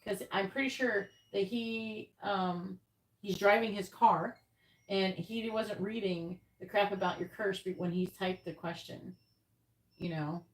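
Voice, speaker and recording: A woman's voice: mid-range voice, fairly even intonation, measured pace, far from the mic. A woman hosting a tarot live stream, bluntly scolding a viewer in chat with plenty of swearing. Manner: exasperated, scolding, blunt and profane. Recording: roomy echo, off mic.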